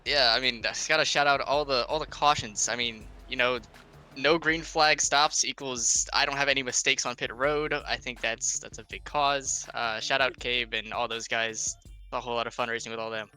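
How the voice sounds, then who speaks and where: Bright-voiced racer in a relaxed post-race chat. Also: male voice, medium pitch, normal speed, clear, resonant tone, soft background music. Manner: relaxed, rambling recap. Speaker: sim racing driver interviewed after a win.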